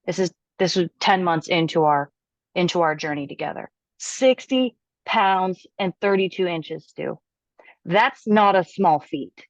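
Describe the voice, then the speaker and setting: A woman personal trainer, a guest on a podcast, telling a client's story with animated quoting. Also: fairly low pitch, a little slow, no echo, muffled recording. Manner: animated, quotes her client's words aloud.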